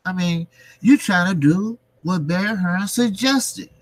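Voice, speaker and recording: Brief: male commentary host, unhurried, blunt profane rant, dry close sound. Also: sits high, no room sound. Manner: blunt, profane, repeats rhetorical questions. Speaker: boxing commentary channel host. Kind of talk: casual ranting commentary.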